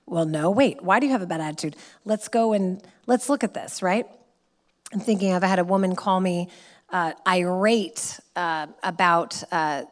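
A middle-aged woman giving a conversational sermon, telling stories in a lively way and laughing now and then. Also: medium pitch.

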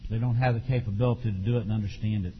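A man preaching a sermon on raising children, acting out parents and children and bursting into shouts. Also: fairly low pitch, fairly even intonation, very fast, breathy edge, lo-fi sound.

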